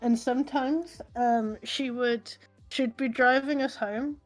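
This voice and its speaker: A woman's voice: on the high side, steady tone, takes it slowly. A young woman casually telling rambling stories and laughing at them. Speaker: co-host. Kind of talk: casual storytelling chat. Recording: faint music behind.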